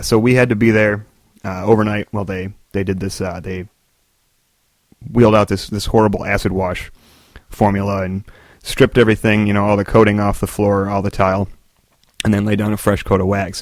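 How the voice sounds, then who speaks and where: A man's voice: on the low side, darkish tone, no echo, clean studio sound. A man hosting his own podcast, rambling through stories with self-deprecating jokes. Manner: self-deprecating, joking, meandering. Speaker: podcast host. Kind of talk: rambling solo podcast monologue.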